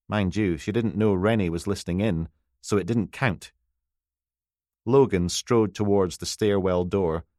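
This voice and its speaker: A male narrator reads a crime novel with dry, wry timing. His voice sits on the low side. The recording is close-miked and completely dry. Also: darkish tone, no room sound. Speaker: audiobook narrator. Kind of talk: scripted crime audiobook narration.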